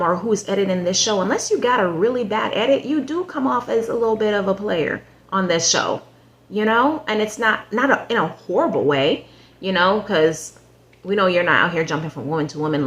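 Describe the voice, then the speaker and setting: A woman's voice: on the low side, fairly bright tone. A woman in a casual, chatty show recap who rambles with lots of "um", "like" and "you know", giving her opinions and speaking straight to the people she discusses.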